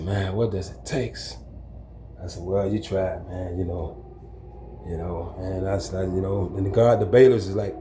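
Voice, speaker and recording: A man telling a story from his own life in a casual, lively way, acting out the people in it. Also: fairly low pitch, slight background noise. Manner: animated, acts out the people in his story, chuckles. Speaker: storyteller recounting his prison time. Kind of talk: casual spoken storytelling to camera.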